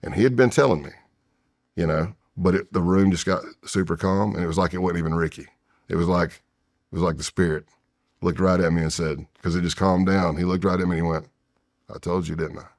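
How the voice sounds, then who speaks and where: A man's voice: low voice, fairly even intonation, fairly quick. A man in his fifties from the United States, a podcast guest telling a long personal story in a candid, rambling way with frequent restarts. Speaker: podcast guest, retired federal agent. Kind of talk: casual storytelling in a long-form interview.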